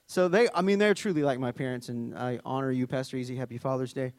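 A man preaching a sermon in a church, earnest and halting, with fillers and restarts. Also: fairly high pitch, flat delivery, smooth. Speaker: pastor.

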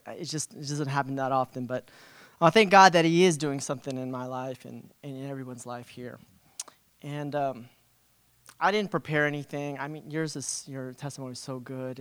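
A man giving an unprepared church testimony, casual and halting, with restarts and fillers. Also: mid-range voice, a bit bright, clean tone, no echo.

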